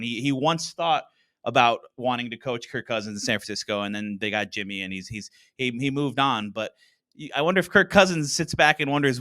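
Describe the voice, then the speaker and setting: Bright-voiced analytical sports panelist man. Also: mid-range voice, no room sound, clean studio sound. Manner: analytical, restarts often. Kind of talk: casual podcast round table.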